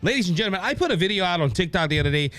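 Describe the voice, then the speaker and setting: Man, Cajun accent, podcast host, high-pitched, very expressive pitch, rambling political commentary. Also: racing, slight background noise. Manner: animated and rambling, frequent restarts, addresses listeners as ladies and gentlemen.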